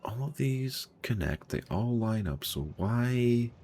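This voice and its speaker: A man's voice: medium pitch, lively intonation, slow, darkish tone. A young man streaming a game, thinking aloud and puzzling over what went wrong, chuckling to himself at a desk microphone. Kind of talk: casual gameplay commentary.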